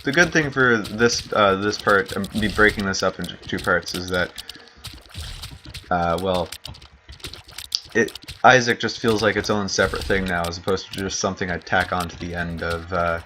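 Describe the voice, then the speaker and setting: A man's voice: low voice, steady tone, moderate pace, pushed and bright, a little hiss or hum. A man casually commenting on his game play, rambling and correcting himself as he goes. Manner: rambling, self-correcting, chuckling asides. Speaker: gaming channel host.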